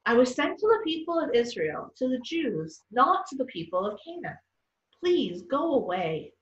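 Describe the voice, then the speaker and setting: A woman voicing a tired man who speaks quietly and slowly. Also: sits high, sing-song, voice pushed up. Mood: weary. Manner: soft, weary, measured. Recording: distant, roomy, dull sound.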